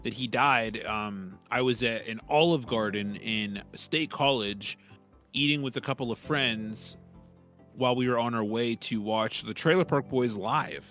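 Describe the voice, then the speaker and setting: Bright, animated man telling stories. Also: mid-range voice, unhurried, faint music behind. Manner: animated storyteller, swears freely. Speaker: podcast co-host. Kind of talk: casual chat.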